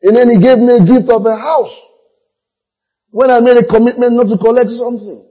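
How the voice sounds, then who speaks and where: A man's voice: extremely high pitch, steady tone, a little fast, breathy edge, lo-fi sound. A middle-aged man, preaching a sermon through humorous personal stories, laughing often and acting out the voices of people in them. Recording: long echo of a large hall.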